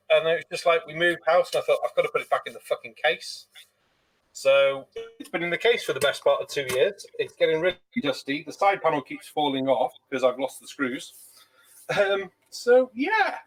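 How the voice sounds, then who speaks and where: A man's voice: on the high side, a bit bright, distant mic. A man hosting a casual live stream, chatty and jokey, swearing freely, a few pints in. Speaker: streamer host.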